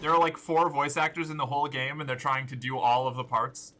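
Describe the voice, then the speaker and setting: A male streamer chatting casually over his game and reacting loudly with jokes and swearing. His voice is bright and sharp. A faint background hum sits under it. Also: mid-range voice, steady tone, a little fast. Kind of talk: casual gaming commentary.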